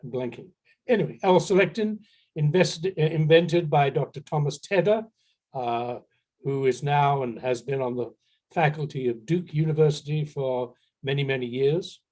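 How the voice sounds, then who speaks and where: A man's voice: a little high, moderate pace, darkish tone. American man telling a workshop story. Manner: storytelling anecdote with dry humor. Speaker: workshop presenter. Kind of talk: conference workshop talk.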